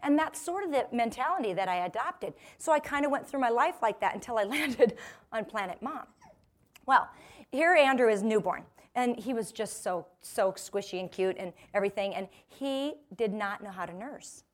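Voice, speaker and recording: Woman, forties, slightly high voice, humorous storytelling talk, live audience, self-mocking, laughs often. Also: normal speed. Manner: lively, self-mocking, acts out quoted voices. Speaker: motivational speaker.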